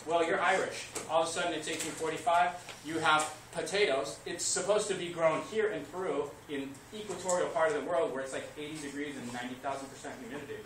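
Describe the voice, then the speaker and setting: A man teaching history to a class, lively, asking questions and answering them himself. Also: fairly high pitch, brisk. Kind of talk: classroom lecture. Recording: echoey classroom recorded from far off, noisy.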